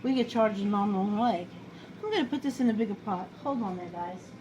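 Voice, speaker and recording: A woman's voice: medium pitch, fairly quick. A middle-aged woman with a New York accent, chatting and rambling as she cooks in her home kitchen, often poking fun at herself. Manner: chatty, rambling, self-deprecating. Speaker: home cook vlogger. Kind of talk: casual cooking chat to camera. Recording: home video with clear background noise.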